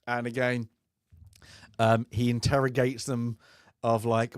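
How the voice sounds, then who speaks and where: A man in a relaxed film-podcast chat, rambling through an anecdote and breaking into laughter, slipping into the voices of the people in his story. His voice sits at an ordinary middle pitch and is recorded dry and close, with no room sound. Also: slow, no echo. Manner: chatty storyteller who laughs often and acts out quoted voices. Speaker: co-host of a film review podcast. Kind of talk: casual chat, telling an anecdote.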